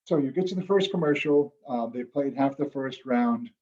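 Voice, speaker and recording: A former quiz show champion, appearing as a guest speaker at an online club meeting, tells the audience about a personal experience. He speaks at normal speed with quiet earnestness, reflective and occasionally emotional, in a middle-pitched voice over slightly muffled, dull call audio.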